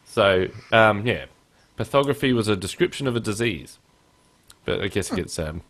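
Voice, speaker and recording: A man's voice: lowish voice, animated, moderate pace, fairly bright tone. A male podcast host chatting casually, joking about himself and laughing often.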